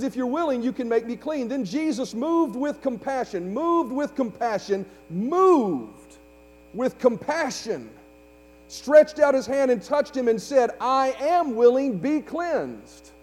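A pastor with an extremely high-pitched yet darkish-toned voice preaches a sermon in a church sanctuary, stirring up fervor and calling on the congregation to respond. The audio has hall reverb with a faint mains hum.

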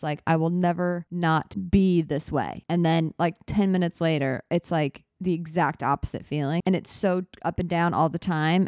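A woman's voice: on the low side, a little mellow, clear, resonant tone, no room sound, studio quality. A woman in her twenties hosting her own podcast, talking in a candid, rambling, self-reflective way. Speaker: podcast host. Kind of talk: casual solo podcast talk.

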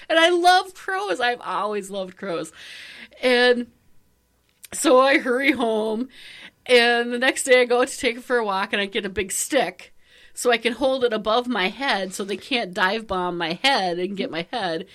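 A woman's voice: fairly high pitch, normal speed, a bit bright. A woman chatting casually and telling a story with lots of energy. She laughs often and acts out the voices in it. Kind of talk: casual chat.

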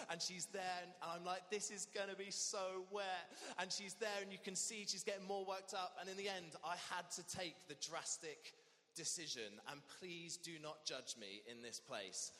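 A young man, a vicar, telling a humorous story in a lively sermon. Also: on the high side, in a large hall. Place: church.

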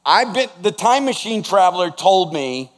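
A man in his sixties preaching a sermon as pastor, animated and emphatic, putting questions to the congregation. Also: high voice, moderate pace, big-room sound. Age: 60s.

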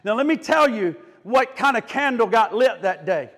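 A man preaching a sermon with passion, raising his voice for quoted prayers and dropping low and slow for his closing points. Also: lively intonation, a bit bright. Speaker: pastor. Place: church sanctuary. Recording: long reverb of a church hall.

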